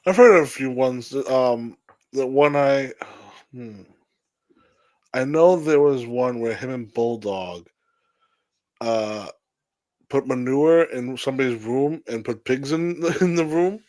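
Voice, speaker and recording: A male co-host chats casually on a podcast, hesitating and circling back as he remembers details. His voice is ordinary in pitch and recorded dry and close. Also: takes it slowly, pauses often, a little mellow, no echo. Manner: hesitant, rambling with restarts. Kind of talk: casual chat.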